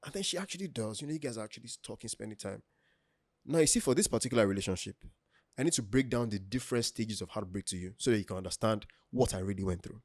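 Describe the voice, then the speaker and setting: A man in his thirties with a Nigerian accent, a podcast co-host telling stories in a lively, laughing way. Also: lowish voice, quick pace, dry recording, studio quality. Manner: animated, laughs often, acts out quotes. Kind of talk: casual storytelling chat.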